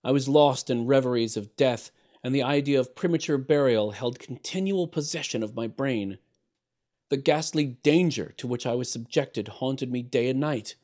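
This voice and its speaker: A man narrating a gothic story in a measured, theatrical manner, swelling louder on dramatic phrases and dropping soft at their ends. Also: medium pitch.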